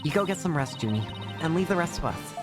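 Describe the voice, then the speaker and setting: A man's voice: a little high, expressive, quick pace, over music, pitched above the performer's own voice, close to an everyday voice. A man voicing an upbeat young female defense attorney in a game, speaking in a raised, lighter voice. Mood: caring. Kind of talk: video game voice acting.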